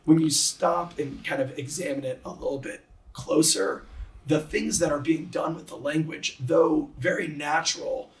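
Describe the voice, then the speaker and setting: Enthusiastic teacher with a rhythmic delivery. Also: male voice, on the high side, fairly even intonation, moderate pace, reverberant, recorded from a distance. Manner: enthusiastic, rhythmic, taps out meter by voice. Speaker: high school English teacher. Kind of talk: conversational explanation, reading a poem aloud.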